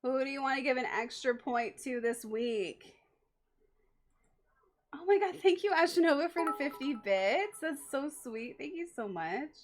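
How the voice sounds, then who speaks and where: A young adult woman streaming a game live, reacting excitably, laughing often and talking to her chat. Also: high voice, moderate pace.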